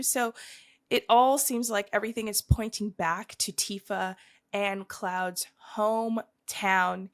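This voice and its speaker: A woman's voice: mid-range voice, creaky, fairly bright tone. A woman co-hosting a podcast, giving a chatty, rambling recap full of fillers. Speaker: podcast co-host.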